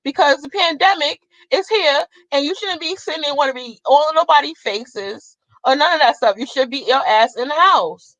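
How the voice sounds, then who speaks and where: Young woman, fiery profane rant, high-pitched, dry close sound, slightly dull audio. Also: moderate pace, hardly any pauses, fairly bright tone, dry recording. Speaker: vlogger. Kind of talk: casual ranting monologue.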